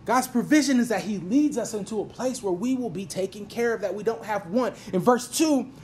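A woman pastor preaches and prays in church, reading from an iPad and repeating phrases earnestly for emphasis. She speaks briskly in a medium-pitched, darkish voice over slight background noise.

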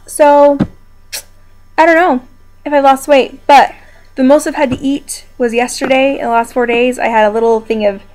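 Young woman, injured, casual home vlog, fairly high voice, chatty and rambling. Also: gravelly. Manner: chatty, rambling, quietly upbeat despite pain. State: injured and in pain. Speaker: video blogger. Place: downstairs room at home.

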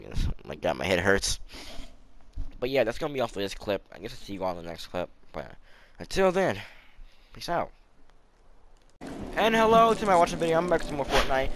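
A man giving casual commentary over his own gameplay footage, excitable and yelling at teammates during fights. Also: lowish voice, a little hiss or hum. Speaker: gaming video creator.

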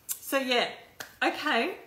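A woman talks to her viewers on a live stream in a loose, rambling way, full of fillers and the odd curse. Her voice is bright and forward, and the room around her rings with echo. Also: sits high, slow pace. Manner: chatty and loose, with many fillers, swearing and asides. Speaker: life coach hosting a live stream. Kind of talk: casual live-stream chat.

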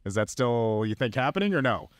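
A man's voice: mid-range voice, big pitch swings, a little fast, dry recording, studio quality. A man hosting a podcast, chatty and enthusiastic, telling stories in casual conversation. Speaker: podcast host.

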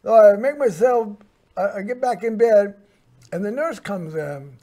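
A man's voice: sits high, lively intonation, a little slow, dark tone. A man hosting a show, telling a personal story in a rambling way, full of fillers and restarts. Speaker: host.

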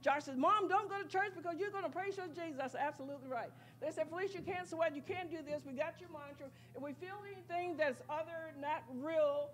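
A woman giving a spoken testimony at a church worship service, telling her story in a rambling, excited way full of quoted dialogue. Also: high voice, fast talker, hardly any pauses. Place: church sanctuary.

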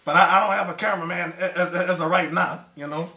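A man's voice: sits high, steady tone, fast, vocal fry, background noise. A man hosting a home cooking live stream, stammering and repeating words as he chats with viewers. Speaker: cooking show host. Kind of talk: casual live-stream chat. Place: home kitchen. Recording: echoey kitchen, distant mic.

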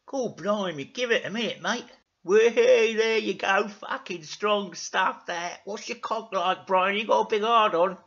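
A man's voice: sits high, unhurried, a bit bright, muffled recording, pitched above the performer's own voice, heavily acted. A man doing a brash crude cartoon dog. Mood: cheeky. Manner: brash, swearing, cheeky. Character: crude cocky male cartoon dog, scheming.

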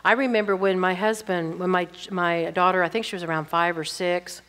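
A woman's voice: lowish voice, steady tone, brisk, fairly bright tone. An older woman teaching, reading audience questions aloud and answering them candidly with chatty personal stories. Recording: long reverb from a hall.

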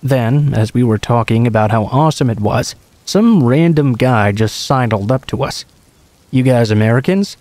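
A man narrating a true horror story in a calm, conversational storytelling manner. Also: mid-range voice, moderate pace, dry recording. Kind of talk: scripted narration.

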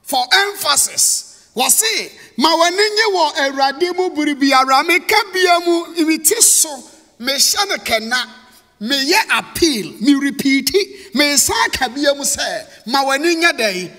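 A man's voice: very high-pitched, expressive, slow pace, bright, forceful tone. A Ghanaian man, a pastor whose first language is Twi, preaching a sermon that switches between English and Twi, repeating key words and calling out to the congregation. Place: church hall. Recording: long reverb of a church hall.

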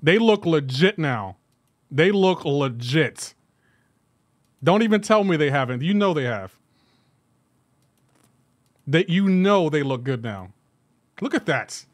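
A man on a live gameplay stream talks to his chat in a high, very lively voice. He is incredulous and laughs often as he reacts. The sound is dry and close, with no room around it. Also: slow, pauses often, no echo. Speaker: gaming livestreamer.

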